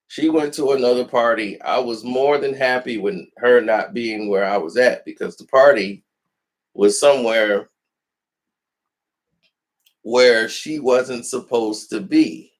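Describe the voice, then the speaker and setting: A man telling a personal story in a casual vlog, animated and acting out the people in it. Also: medium pitch.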